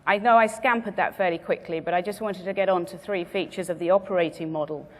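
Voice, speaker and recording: Lowish gravelly woman giving a conference talk, leans on key words, echoey hall. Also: steady tone. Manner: measured, stresses key words. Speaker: conference speaker. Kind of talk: business presentation to an audience. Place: conference venue.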